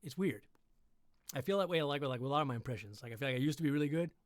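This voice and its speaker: A man chatting on his own livestream between readings, rambling with quick, self-deprecating asides from his computer setup. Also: medium pitch, expressive, no echo. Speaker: livestream host reading stories. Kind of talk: casual chat on a livestream.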